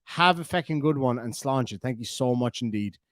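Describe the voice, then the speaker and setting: Rambling and chatty, this Irish livestream host reads out viewer comments and fills his talk with plenty of fillers. He's from Ireland, and his mid-range voice is expressive and fairly quick.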